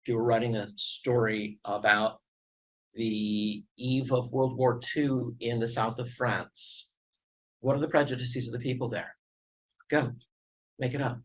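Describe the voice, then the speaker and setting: A man's voice: medium pitch, steady tone, measured pace, a bit bright, rough recording. A middle-aged man from the northern United States giving a lecture with slides, earnest and wry, building his argument step by step. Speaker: guest lecturer.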